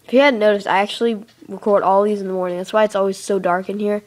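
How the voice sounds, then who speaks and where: A woman chatting her way through a building game, rambling and casual, breaking into excited squeals and giggles, recorded in a dark room on a tablet mic. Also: medium pitch, quick pace. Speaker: let's play host. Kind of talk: casual gameplay commentary. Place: dark room, sitting in a big armchair. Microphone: tablet microphone.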